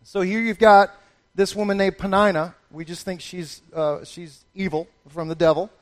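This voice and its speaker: High-voiced animated male preacher. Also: moderate pace. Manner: animated storytelling, acts out voices with laughter. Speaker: pastor. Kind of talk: sermon.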